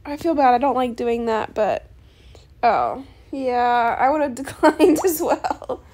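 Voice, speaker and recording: A young adult woman in casual gameplay chat, soft-spoken and chatty, recorded on a phone in a quiet bedroom late at night. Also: a little high, expressive, slow. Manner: chatty, soft-spoken, calls viewers bestie. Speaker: gaming YouTuber.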